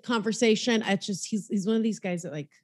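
A woman's voice: medium pitch, a little fast, a little mellow, breathy edge, no echo, studio quality. A young woman hosting a comedy podcast, talking frankly and crudely in a casual chat and quoting others.

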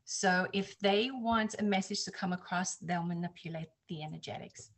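A woman guest who reads oracle cards, chatting and telling a story in an animated way. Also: normal speed. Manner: animated, acts out quotes in higher voice. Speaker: psychic reader, guest. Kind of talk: casual storytelling chat.

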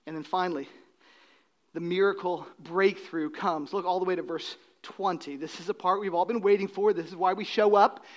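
A man preaching a sermon, swinging between loud, emphatic lines and hushed, quiet drops. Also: high voice, fairly even intonation, moderate pace, muffled recording. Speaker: pastor.

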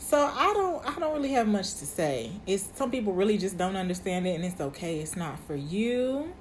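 A woman's voice: medium pitch, sing-song, normal speed, slight background noise. A woman in her twenties hosting her podcast, talking candidly and casually to her listeners. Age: 20s. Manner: candid, chatty, uses y'all. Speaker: podcast host. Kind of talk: casual monologue.

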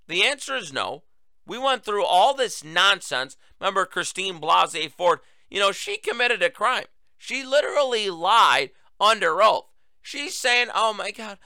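A man's voice: on the high side, gravelly, bright, forceful tone, no echo. A man hosting a political commentary show, talking in a sarcastic monologue full of mocking asides. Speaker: host.

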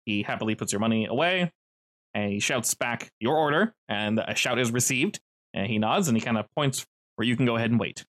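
A man's voice: mid-range voice, fairly quick, fairly bright tone. A man running a tabletop game as game master, describing scenes in a loose, descriptive way with restarts.

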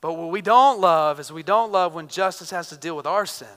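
A man in his thirties preaching a sermon in an earnest, conversational way, shifting between loud bursts and quiet intensity. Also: on the high side, a little fast, smooth. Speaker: pastor. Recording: reverberant hall.

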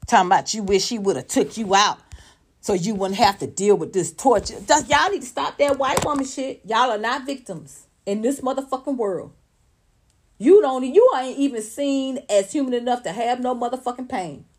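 A woman with a slightly high voice rants on a livestream. She is blunt and profane, hammers home each point with emphasis, and speaks directly to her viewers. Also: normal speed, a little mellow. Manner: talks straight to viewers and chat. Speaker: livestream commentator. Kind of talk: unscripted livestream rant.

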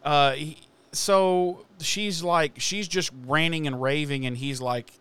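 A man co-hosting a casual podcast, recapping a show with profane jokes and quick put-on voices for the characters. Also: fairly high pitch, fairly bright tone, clear, resonant tone, dry recording. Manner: profane, joking storyteller. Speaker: podcast co-host recapping an episode. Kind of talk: casual chat.

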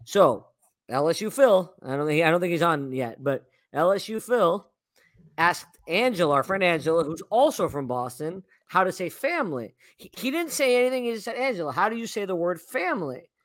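A man co-hosting a casual sports talk show, excitable and animated, often repeating words as he goes. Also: sits high, fairly quick, no echo, clean studio sound. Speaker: podcast co-host.

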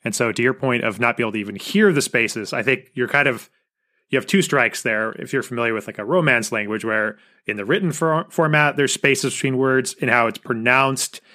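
An American man hosting an interview, explaining points for listeners in a relaxed and conversational way. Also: medium pitch, fairly quick, no room sound, studio quality. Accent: American English. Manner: explanatory, side remarks to listeners. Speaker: podcast host. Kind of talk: casual interview chat.

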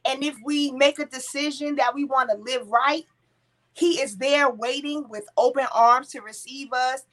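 A woman's voice: high-pitched, steady tone, moderate pace, fairly bright tone, poor audio. A woman talking in a casual chat about faith, emphatic and repeating phrases as she thinks.

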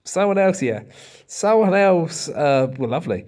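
Wry man with a fairly high voice. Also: big pitch swings, measured pace, a little mellow. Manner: wry, self-pleased anecdote teller. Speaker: co-host, stand-up comic. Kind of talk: casual podcast chat.

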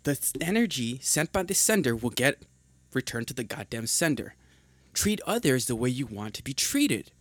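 A young man hosting a podcast, talking in a heated, emphatic monologue with a husky voice, repeating points and swearing often. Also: mid-range voice, big pitch swings, normal speed, no room sound. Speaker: podcast host.

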